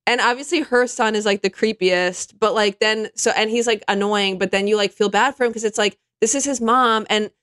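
A woman's voice: medium pitch, brisk, hardly any pauses, a bit bright, clear, resonant tone, dry recording. A woman chatting casually as a podcast co-host, sarcastic, acting out the people she quotes in mocking voices. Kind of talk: casual comedic chat.

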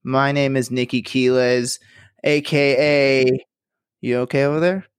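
A man's voice: medium pitch, steady tone, a little slow, clear, resonant tone, no echo. Young guy hosting a podcast, jokey, swears a lot, dry sound. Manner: joking, swearing, playful. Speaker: podcast host. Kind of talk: casual podcast chat.

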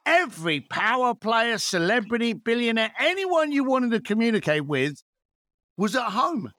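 Brash, swearing man with a lively bright voice. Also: very high-pitched, normal speed, no echo, studio quality. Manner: blunt, swearing, rant-like storytelling. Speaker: guest. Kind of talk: podcast interview.

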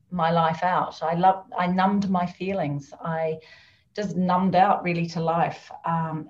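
A middle-aged woman with a New Zealand accent, a podcast guest telling her personal story in a chatty way. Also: lowish voice. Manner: warm, chatty storytelling with fillers. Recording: dull lo-fi sound.

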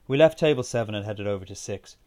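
A man reading a first-person story aloud in a steady, measured way. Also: lowish voice. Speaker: narrator.

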